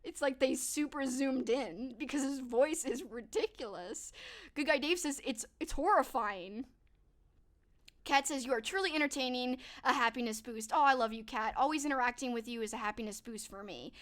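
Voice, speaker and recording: High-voiced, animated woman streamer. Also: normal speed. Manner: animated, laughs often, breaks into silly movie-quote voices. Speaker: live streamer. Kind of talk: casual chat to stream viewers.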